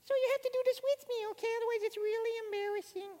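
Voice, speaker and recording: A man putting on a tiny, squeaky voice to sing a children's song in the smallest possible way. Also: fairly even intonation, rapid-fire, darkish tone. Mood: tiny singsong. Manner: high squeaky singsong. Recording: long hall reverb.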